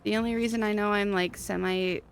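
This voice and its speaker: A woman's voice: medium pitch, fairly even intonation, a little fast, creaky. A woman with a Minnesotan accent chatting casually on a live stream, musing and self-deprecating.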